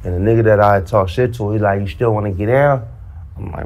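A man in casual storytelling, animated and slang-heavy, acting out the dialogue as he goes. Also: lowish voice, a little fast. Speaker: storyteller recounting prison life. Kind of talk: casual storytelling in a played interview clip.

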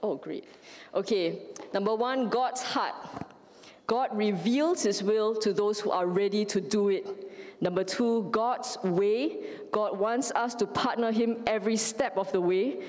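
A woman's voice: mid-range voice, a little slow, darkish tone, long reverb tail. A woman from Singapore preaching a sermon, telling a story with frequent "right?" and "you know" asides. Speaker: lay preacher. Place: church sanctuary.

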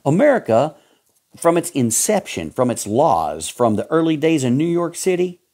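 A man's voice: on the high side, sing-song, moderate pace, darkish tone. A man with a Southern accent preaching a fiery sermon, fervent and emphatic, hammering points through repetition. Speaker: pastor.

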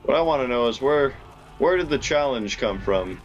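A man casually commenting on his own video game play, excitable and chatty, laughing often. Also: mid-range voice, normal speed, muffled recording, faint music behind. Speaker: gaming YouTuber.

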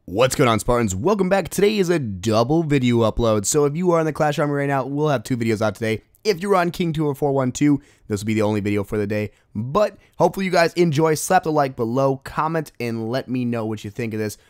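A man hosting a gaming video, talking through a strategy game attack in casual commentary and exclaiming loudly at close calls. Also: medium pitch, quick pace, hardly any pauses, smooth, no echo, faint music behind. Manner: excitable, exclaims at game moments.

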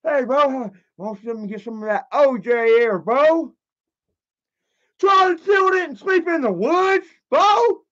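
A man voicing a gruff, loud older woman like an old baseball coach, hollering brashly. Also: very high-pitched, slow, voice pushed up, heavily acted. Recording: dull lo-fi stream audio.

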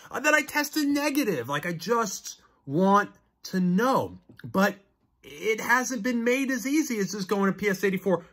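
A man performing a comic monologue into a phone, wry and exasperated, trailing off into grumbles. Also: high voice.

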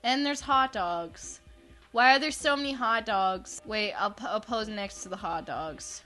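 Young woman in her twenties, bright and a bit high, casual sarcastic gameplay chatter, faint music behind. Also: sing-song, moderate pace. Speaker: gaming YouTuber.

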